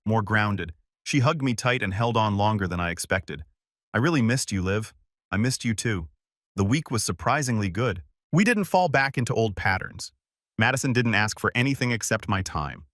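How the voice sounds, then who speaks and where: Low-voiced calm male storyteller. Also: dry recording, clean studio sound. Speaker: story narrator. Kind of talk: scripted first-person story narration.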